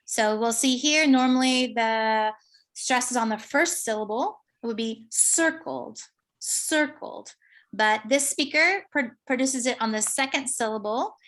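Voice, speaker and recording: A woman researcher giving an academic conference presentation, explaining her findings step by step with frequent pauses and fillers. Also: on the high side, a bit bright.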